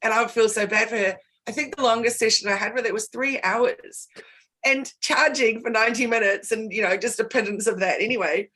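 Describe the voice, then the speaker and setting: A woman co-hosts a relaxed business chat over a video call. She tells her story candidly, with short laughs slipping into the middle of her sentences. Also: fairly high pitch, brisk. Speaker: co-host.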